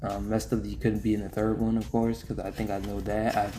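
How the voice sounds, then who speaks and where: A man's voice: on the low side, little pitch movement, a little fast, dark tone, faint music behind. A young man giving a casual, rambling spoken movie review, full of restarts and offhand asides. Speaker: film reviewer.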